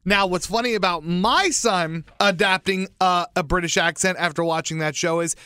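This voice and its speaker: A man co-hosting a morning radio show in a studio, teasing and animated as he tells stories. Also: high voice, moderate pace, clean tone, dry recording. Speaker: radio co-host.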